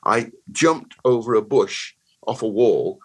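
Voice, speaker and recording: A man in his eighties with a Bristol accent, telling stories as an interview guest in a rambling, animated way. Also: mid-range voice, slow, breathy edge, poor audio. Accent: Bristol English. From Bristol, England. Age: 80s. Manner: rambling, animated, restarts words often. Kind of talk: casual conversational storytelling.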